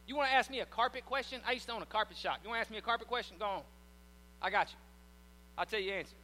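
High, bright preacher in a hall. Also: male voice, rapid-fire. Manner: folksy, joking, conversational preaching. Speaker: pastor. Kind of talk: sermon.

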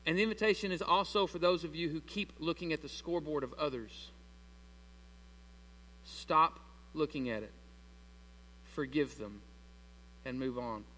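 A high, bright-toned man in his thirties delivers a sermon to his congregation, talking to them in a loose, chatty way. His voice carries a long reverb from the church hall, with a low mains hum under it. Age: 30s. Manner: conversational preaching with loose grammar, addresses congregation as y'all. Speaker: pastor.

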